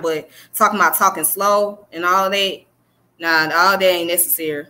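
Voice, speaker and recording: A woman with a Southern US accent hosts a laid-back history lesson on a live stream. Her voice is fairly low but bright and forward, and she talks fast and conversationally, often checking in with "you know what I'm saying."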